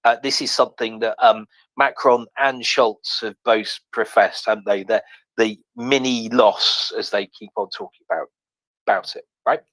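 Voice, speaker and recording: A man's voice: lowish voice, steady tone, moderate pace, a bit bright, no echo, low-quality recording. A man hosting a live audio chat, reading an article aloud with many fillers, restarts and wry asides. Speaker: host.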